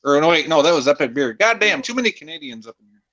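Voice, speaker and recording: A man's voice: on the high side, big pitch swings, quick pace, pushed and bright, no room sound. A man hosting a casual live stream, talking crudely and profanely with viewers and co-hosts over voice chat. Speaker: streamer host. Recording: slightly dull lo-fi voice chat.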